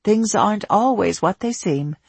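A woman's voice: mid-range voice, lively intonation, moderate pace, vocal fry, a little mellow, husky, no echo. A narrator voicing a confused older woman who drifts into a dreamy sing-song way of speaking, in a dry, close recording.

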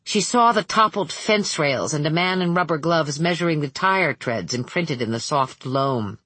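A woman reading an audiobook in a measured, steady voice. Her tone is low and husky. The recording is close and completely dry. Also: dry recording. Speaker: audiobook narrator. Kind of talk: scripted narration.

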